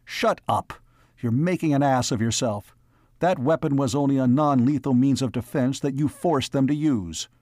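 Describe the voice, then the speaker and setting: A man's voice: mid-range voice, normal speed, a little mellow, no echo, studio quality, natural voice. A man voicing a blunt, scornful man who speaks savagely in an audiobook. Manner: savage, curt.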